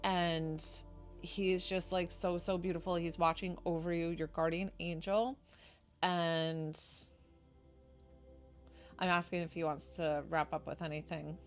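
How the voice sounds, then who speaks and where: Effusive woman medium, low-leaning voice, live-stream reading, faint music underneath. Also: unhurried. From New York. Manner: chatty, effusive and animated. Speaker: psychic medium.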